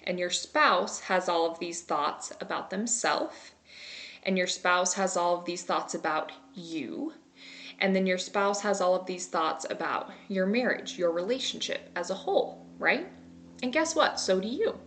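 A woman's voice: on the low side, measured pace, fairly bright tone. A woman in her thirties, a marriage coach teaching solo on a podcast, talking in a chatty way and acting out her own thoughts.

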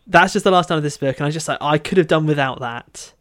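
A man co-hosting a podcast in casual book chat, animated and exasperated, acting out characters in quick asides. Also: fairly high pitch. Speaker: podcast co-host.

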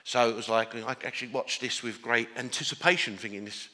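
A man's voice: mid-range voice, fairly even intonation, a little fast, sharp tone, big-room sound. A man from Northern Ireland with an English accent, preaching a sermon as pastor, earnest, often restarting and building to emphatic declarations.

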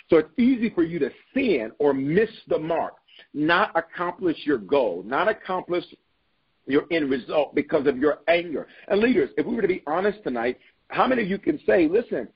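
Male bishop-preacher, slightly high husky voice, emphatic, repetitive call-outs; lo-fi recording. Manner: emphatic, repeats key lines, calls out to listeners. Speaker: bishop and leadership podcast host. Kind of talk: preaching leadership sermon.

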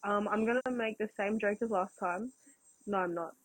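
A woman's voice: mid-range voice, fairly even intonation, moderate pace, poor audio. A young woman co-hosting a podcast in casual chat, agreeing with her friend and adding dry, sarcastic asides. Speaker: podcast co-host.

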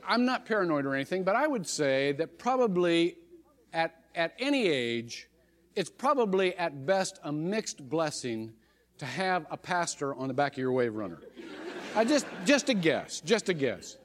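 A middle-aged man, a pastor, preaching a sermon by telling a personal story, animated and chuckling often, with frequent restarts. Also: on the high side, normal speed. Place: church sanctuary. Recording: long reverb of a church hall.

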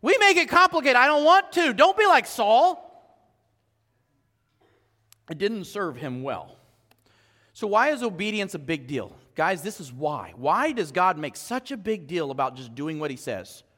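A man preaching in a church sanctuary, his voice strikingly high and bright, carried by a long hall reverb. He talks to the congregation conversationally, firing off rhetorical questions and swinging between loud emphasis and quiet, low asides. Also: big pitch swings, normal speed, few pauses. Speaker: pastor. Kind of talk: sermon.

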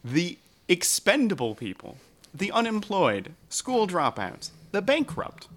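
A man hosting a history podcast, explaining events in a relaxed storytelling way. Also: high-pitched, slow. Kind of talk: casual history narration.

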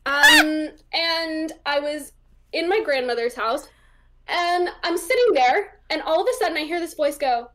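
A young woman appears as an interview guest; she's a psychic medium. Her voice sits high and sharp, and she talks unhurriedly in a chatty, casual way, full of fillers as she acts out the voices in her stories.

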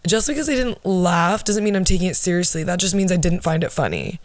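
A woman's voice: on the low side, expressive, quick pace, dry recording. A young woman in her twenties telling a story on her podcast in a casual, sarcastic and blunt way, swearing freely. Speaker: podcast host.

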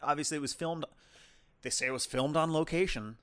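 A man's voice: a little high, fairly quick, fairly bright tone, clear, resonant tone, no echo. A man co-hosting a podcast, chatting casually about a film and often restarting his sentences. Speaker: podcast co-host. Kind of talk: casual film review chat.

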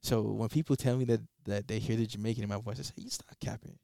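A young man with a South Florida accent, chatting easily and getting animated when he makes a point in a casual podcast conversation. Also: lowish voice, fast talker, vocal fry, dry recording, studio quality. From South Florida, USA. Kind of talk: casual chat.

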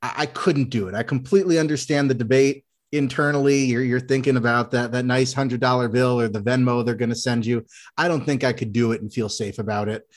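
A man's voice: medium pitch, fairly even intonation, a little fast. A man co-hosting a talk show, answering earnestly and repeating his point. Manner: earnest, repeats himself, hedging. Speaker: radio show co-host. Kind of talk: casual chat.

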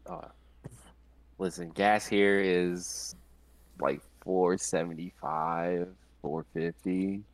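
A man's voice: deep voice, steady tone, extremely slow, dry recording. A man in his late twenties co-hosting a podcast, chatting in an easygoing, rambling way. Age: 20s. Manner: easygoing, rambling, self-mocking. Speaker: podcast co-host. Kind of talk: casual chat between friends.

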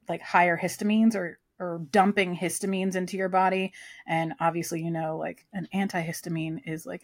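A woman co-hosting a podcast, talking casually with many fillers and "like"s. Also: on the low side. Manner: chatty, lots of fillers and "like". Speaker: podcast co-host. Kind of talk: casual chat.

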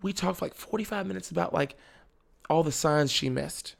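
A young man with a slightly high, gravelly voice, chatting as a podcast guest. He tells his story in a lively way, often laughing and playing out the lines of the people in it. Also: moderate pace. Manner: animated, acts out family members' lines; laughs often while talking. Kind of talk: casual storytelling chat.

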